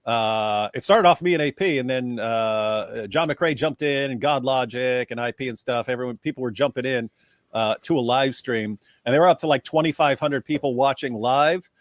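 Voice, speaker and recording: A man co-hosting a livestream, chatting casually and telling anecdotes with quick asides. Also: medium pitch, no echo. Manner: animated storytelling, quick asides. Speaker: livestream co-host. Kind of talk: casual chat.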